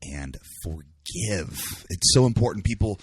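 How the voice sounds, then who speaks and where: A man's voice: low-pitched, lively intonation, unhurried, slightly rough, no echo, clean studio sound. A man talking earnestly as a guest in a casual interview, searching for his words as he goes. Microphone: live stream by phone.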